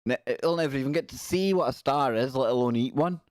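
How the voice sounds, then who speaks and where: Here a livestream host talks fast in a mid-range male voice, captured at studio quality with no room sound. His chat is casual and jokey as he reacts out loud to pictures with quick quips.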